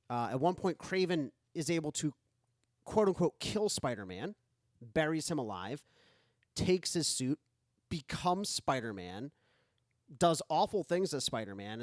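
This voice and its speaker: Guy cohosting a comedy podcast, kinda high voice, super bouncy delivery, lots of likes and ums, dry close mic. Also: no room sound. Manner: animated, rambling with many fillers. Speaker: podcast co-host. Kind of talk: casual comedic chat.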